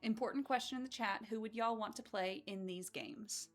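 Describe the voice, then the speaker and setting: With faint music behind her, a woman with a voice on the high side hosts a charity speedrun marathon stream at normal speed. The chat is casual, bubbly, and playful, full of giggles.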